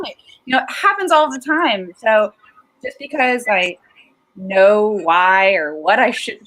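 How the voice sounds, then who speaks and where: A woman's voice: mid-range voice, animated, unhurried, rough recording. A woman therapist chatting casually, explaining emotions in an easy, laughing way. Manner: warm, explanatory, laughs easily. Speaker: therapist guest. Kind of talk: casual chat.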